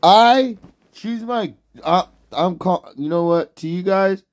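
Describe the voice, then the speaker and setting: A young man livestreaming, ranting and yelling insults at his chat, then dropping to low mutters. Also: slow pace. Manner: swings between shouting and low mutters. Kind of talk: casual livestream rant.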